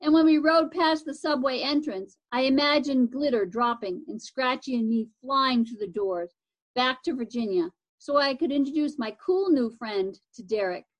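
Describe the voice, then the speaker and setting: A woman's voice: high voice, normal speed, low-quality recording. A woman reading a children's chapter book aloud in a casual way, with the odd slip and restart. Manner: casual, with occasional slips and restarts. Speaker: reader.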